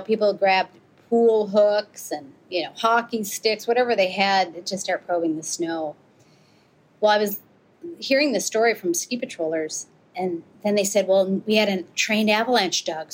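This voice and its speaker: Animated storytelling American woman. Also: medium pitch, rough recording. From United States. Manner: animated, acts out quoted exchanges. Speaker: guest, avalanche rescuer and author. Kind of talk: storytelling interview.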